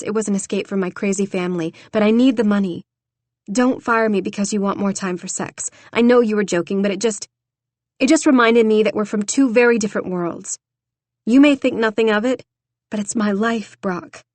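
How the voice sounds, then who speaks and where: Woman voicing a feisty young woman, spirited, indignant, higher voice, dry close sound. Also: moderate pace, a little mellow, dry recording, lightly acted. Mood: upset. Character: feisty young woman cleaner, quick-tempered.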